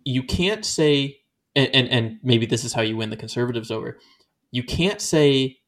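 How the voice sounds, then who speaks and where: A man's voice: mid-range voice, moderate pace. A man talking casually and animatedly about faith, rambling and acting out quoted voices as he goes.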